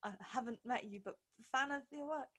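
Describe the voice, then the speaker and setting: A woman's voice: high-pitched, brisk, a crowd in the background. A woman co-hosting a casual podcast chat. She is playful and teasing and laughs often. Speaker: podcast co-host.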